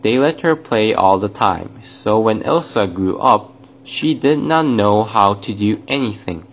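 A man's voice: lowish voice, animated. A man narrating a children's fairy tale, addressing young listeners. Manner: slow, warm address to children. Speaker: storyteller. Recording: dull lo-fi, faint hiss.

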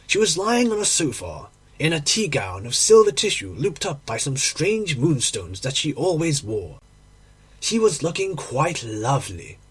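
A male audiobook reader delivering a classic tale with dramatic, emotional expression. His voice is strongly husky and breathy and sits a little high for a man. His pitch swings widely as he tells the story. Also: very animated, a little slow.

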